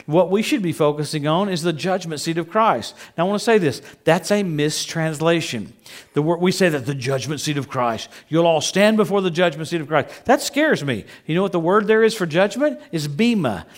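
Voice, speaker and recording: A middle-aged man preaching a sermon, animated and jokey, swinging between loud declarations and hushed, intimate stretches. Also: a little high, moderate pace.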